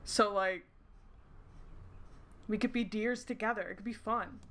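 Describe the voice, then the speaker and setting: A woman's voice: mid-range voice, unhurried, a bit bright. A woman streaming a romance game, rambling in casual chat, giggling often and swearing freely. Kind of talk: casual let's-play chat. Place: indoors at her screens under dim night lighting.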